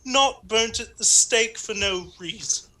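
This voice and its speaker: Sarcastic high-voiced man, sharp tone. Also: a little slow. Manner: sarcastic, swears freely. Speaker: player. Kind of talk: tabletop game play.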